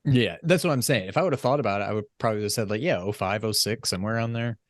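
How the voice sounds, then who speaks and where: Laid back guy on a podcast, lowish voice, gets animated telling stuff, dry mic. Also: rapid-fire, dry recording. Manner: easygoing, animated storytelling. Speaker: podcast co-host. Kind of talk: casual chat.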